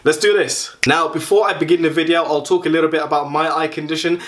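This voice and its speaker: A man's voice: a little high, fairly even intonation, fast talker, fairly bright tone. Young man, casual vlogger, wry and self-mocking. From London. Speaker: YouTuber. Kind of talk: casual vlog talk.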